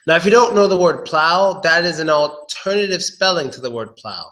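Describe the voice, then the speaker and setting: A man giving a casual pronunciation lesson, drilling words slowly and chatting between examples. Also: on the high side, sing-song, fairly bright tone. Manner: slow, drawn-out drilling of words, chatty asides. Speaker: pronunciation teacher.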